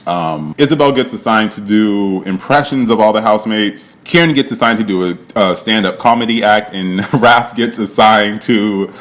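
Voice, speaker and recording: A man with a somewhat low-pitched voice recaps a reality show in a casual, rambling way. He laughs often, leans on "like", and swears without a second thought. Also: normal speed, few pauses, a bit bright.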